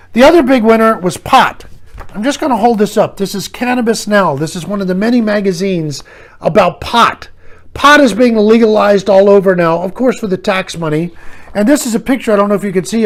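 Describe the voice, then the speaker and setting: An older man giving a blunt, sarcastic opinion monologue to camera, scoffing at the year's trends. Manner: mocking voices of others in raised pitch. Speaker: commentary vlogger.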